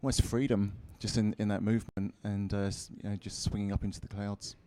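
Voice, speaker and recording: A man's voice: lowish voice, little pitch movement, brisk, warm tone. A man giving a short, hesitant photography judge's comment. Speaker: competition judge. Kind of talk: spoken critique.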